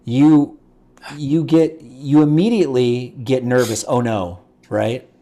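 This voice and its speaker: A man's voice: medium pitch, slow, warm tone. A man narrating as game master of a tabletop game, with many hesitations and fillers.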